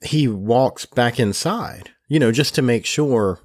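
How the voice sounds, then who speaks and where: A man's voice: mid-range voice, expressive, takes it slowly, a little mellow. A man co-hosting a podcast, casually telling a story and laughing as he goes. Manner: laughs through his story, acts out quoted voices. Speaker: podcast co-host.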